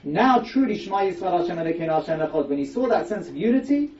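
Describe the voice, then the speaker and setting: Talking fast in a high, animated and slightly mellow voice, a rabbi gives a Torah lecture built around emphatic rhetorical questions. The recording is echoey, distant and dull-sounding.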